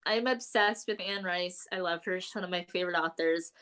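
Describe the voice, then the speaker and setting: A woman's voice: brisk, clear, resonant tone. A woman co-hosting a casual podcast chat from home, telling stories with lots of laughter and big swings in her voice. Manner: animated, laughing storyteller with big pitch swings. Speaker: co-host. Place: home, remote live show during lockdown.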